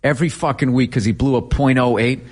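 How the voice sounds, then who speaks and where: A man's voice: mid-range voice, fast talker. Profane, laughing man telling stories. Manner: profane, animated, laughing storyteller. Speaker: comedian guest. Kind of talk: casual interview storytelling.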